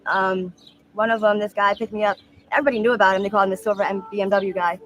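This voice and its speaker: A woman in her mid-thirties speaking frankly in a street interview, halting with many ums and likes. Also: mid-range voice, flat delivery, a bit bright, muffled recording, a little hiss or hum. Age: 30s.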